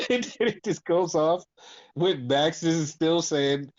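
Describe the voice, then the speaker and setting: A man hosting a casual podcast and recapping wrestling shows, animated and profane, acting out what people said. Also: a little high, measured pace, dull audio. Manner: animated, profane, acts out quotes. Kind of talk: casual chat.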